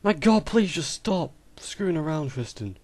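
A man's voice: fairly high pitch, animated, moderate pace, a little mellow, dry recording. Man commentating a game on a headset. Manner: exasperated, talks to the game characters, mild swearing. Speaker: gamer doing a let's play. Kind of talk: casual gameplay commentary.

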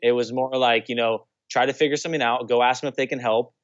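A man's voice: medium pitch, steady tone, quick pace, no echo. Young male guest, casual storyteller, restarts often, muffled lo-fi sound. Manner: rambling, many restarts and "you know". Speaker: guest, former pro baseball player. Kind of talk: casual conversational interview.

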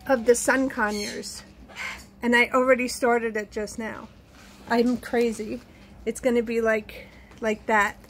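A woman's voice: level tone, measured pace, slight background noise. A woman vlogging from home, chatting casually to camera and cooing at her pets. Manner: chatty, coos at her pets in a high baby voice. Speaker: pet vlogger.

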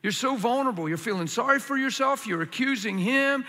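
A man preaching a sermon to a crowd in a large hall, passionate, acting out complaining voices in a higher tone. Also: animated, a little fast, few pauses, bright, forceful tone.

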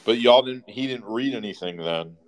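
A man in a casual group voice chat who talks loud and profane and uses his volume to drive his points home. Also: medium pitch, normal speed, crowd noise. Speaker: regular in an online voice chat room. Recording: noisy voice-chat line.

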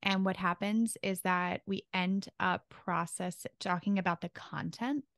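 A woman's voice: on the low side, fairly even intonation, unhurried, gravelly, a bit bright, no echo, studio quality. A woman co-hosting a podcast as a therapist, explaining in a casual way and often checking in with "right?". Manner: explanatory, rhetorical questions with frequent "right?".

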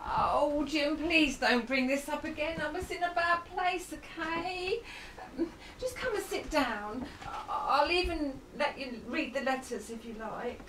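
An older woman playing an anxious, elderly mother in debt, speaking softly and pleadingly. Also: high voice, a little slow, noisy background. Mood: evasive, pleading. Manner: soft, fretful and pleading. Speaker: actress in a student short film. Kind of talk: low-budget film acting.

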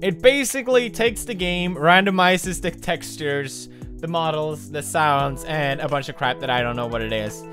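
A man giving excitable let's play commentary over a video game, laughing a lot and breaking into shouts. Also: on the high side, normal speed, faint music behind. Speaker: gaming commentator.

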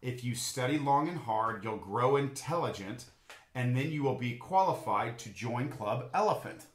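A man's voice: mid-range voice, lively intonation, normal speed, echoey room, natural voice. A man reading a storybook, voicing the dismissive animals who turn the duck away. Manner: dismissive, bored. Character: haughty male club-gatekeeper animals.

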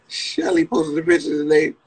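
A young man with a Washington DC area accent rambles to viewers on a phone livestream, unhurried, with slight background noise. He's profane and excitable, jumping into high, yelped quotes.

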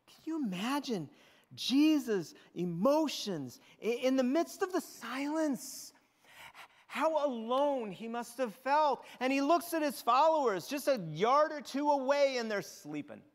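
A man, a pastor, preaching a sermon and retelling scripture with expressive storytelling. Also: extremely high pitch, a little slow, big-room sound. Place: church sanctuary.

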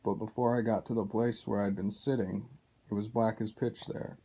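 A man's voice: lowish voice, level tone, normal speed, mellow, husky. A man reading aloud as a loyal male dwarf telling what he overheard, in a plain, earnest way. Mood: confiding. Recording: dull lo-fi recording.

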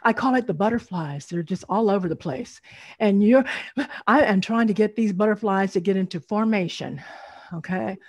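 A woman's voice: medium pitch, moderate pace, darkish tone. A middle-aged woman, leading an online storytelling workshop over a video call, encouraging and laughing often.

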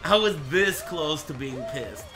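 Male streamer, 20s, profane mock-angry chat banter, lively pitch, clear game music behind. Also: unhurried. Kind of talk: live gaming stream chat.

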